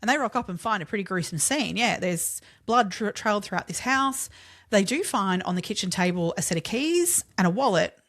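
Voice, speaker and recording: A woman's voice: mid-range voice, expressive, fairly quick, a bit bright. A woman co-hosting a podcast, telling a true-crime story in a casual, chatty way, full of "like" fillers and casual swearing. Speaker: podcast co-host.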